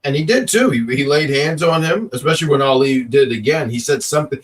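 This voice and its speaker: A man's voice: medium pitch, fast talker, distant mic. Rambling male co-host, a little off-mic. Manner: rambling, joking, reads chat comments aloud. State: working with a cough. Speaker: co-host of a wrestling review show. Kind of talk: casual live-stream chat.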